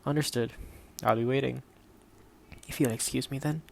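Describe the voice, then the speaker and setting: A man narrates an audiobook at a steady, measured pace. His mid-range voice carries a gravelly texture, and he keeps the characters' lines quiet rather than theatrical. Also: medium pitch, slight background noise.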